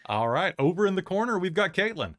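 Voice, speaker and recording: A game master from the States, chatting loosely and joking through the cast introductions. The voice is fairly low and swings widely in pitch. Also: big pitch swings, fast. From United States. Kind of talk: casual chat introducing the cast.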